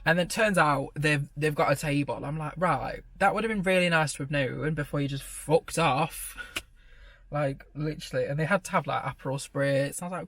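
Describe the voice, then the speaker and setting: A man's voice: a little high, moderate pace, a bit bright. A young man vlogging, telling a gossipy story in a sweary, sarcastic way and laughing often, filmed on a phone camera. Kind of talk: casual storytelling mukbang.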